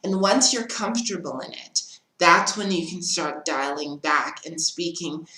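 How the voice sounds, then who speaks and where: Earnest woman vlogger, lower pitch, unhurried, encouraging tone, roomy echo. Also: pushed and bright. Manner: earnest, encouraging, direct to camera. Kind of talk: casual advice vlog. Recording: echoey room.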